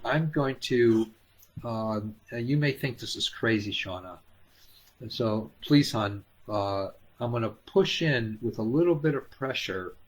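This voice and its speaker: A fairly low-voiced man leading a live-stream healing session. He speaks gently and haltingly, pausing often with fillers, and coaxes viewers by name. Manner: coaxing, addresses viewers by name and calls them hon. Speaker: spiritual healer hosting a live Q&A.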